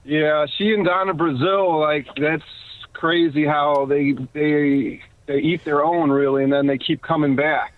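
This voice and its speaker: A man's voice: fairly high pitch, steady tone, unhurried. A man calling in to a talk radio show, speaking in a casual, scornful way. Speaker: caller. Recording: phone line.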